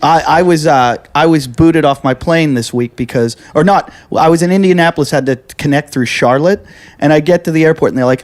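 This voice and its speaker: A man's voice: fairly high pitch, a little fast. A man hosting a casual podcast chat, telling an anecdote, acting out quoted voices and laughing often. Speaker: podcast host.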